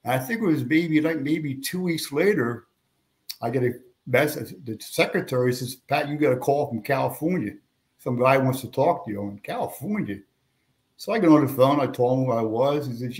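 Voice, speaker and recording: A man's voice: medium pitch, moderate pace. An older man from Pennsylvania recounts stories as a podcast guest. His mid-range voice lifts sharply when he acts out other people's lines. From Pennsylvania, USA. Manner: animated anecdotes with raised voices for quoted people. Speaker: guest, veteran and retired police officer. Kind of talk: storytelling in a podcast interview.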